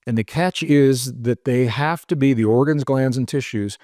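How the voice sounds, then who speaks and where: A man's voice: medium pitch, moderate pace, darkish tone, no room sound, studio quality. A man who is the guest on a podcast interview, explaining ideas in an earnest, step-by-step way and listing example after example. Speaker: author and researcher guest.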